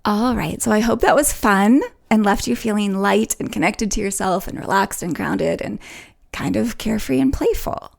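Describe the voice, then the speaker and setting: A woman hosting a solo podcast, talking in a melodic, playful way that swoops up in pitch to make her points. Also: moderate pace, gravelly. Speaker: podcast host.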